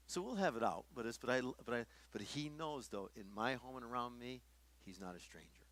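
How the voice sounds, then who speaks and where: A man's voice: medium pitch, lively intonation, a little fast, a bit bright. A middle-aged man teaching a workshop in a conversational sermon style, often restarting his sentences. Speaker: workshop speaker.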